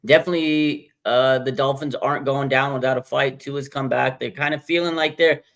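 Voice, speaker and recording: A man's voice: mid-range voice, steady tone, fairly quick, a bit bright. A man who is a guest on a sports talk show, chatting loosely about a game and often using fillers. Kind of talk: casual sports chat.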